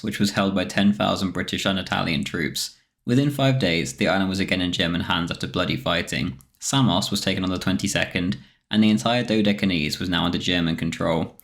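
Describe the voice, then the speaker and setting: A man with a low, deep voice reads a scripted history documentary narration. He keeps a steady, measured delivery from line to line.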